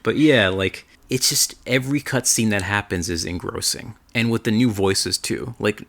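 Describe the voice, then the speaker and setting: Podcast co-host, male, deep gravelly voice, enthusiastic rambler. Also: normal speed. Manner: excited, rambling, swears freely. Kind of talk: casual chat recapping a game.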